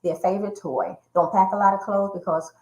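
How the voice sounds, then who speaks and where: A woman's voice: mid-range voice, fairly even intonation, brisk, darkish tone. A woman guest in an interview telling a personal story and acting out the voices she quotes. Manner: vivid retelling that acts out quoted voices. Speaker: interview guest, domestic violence survivor and speaker. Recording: roomy echo.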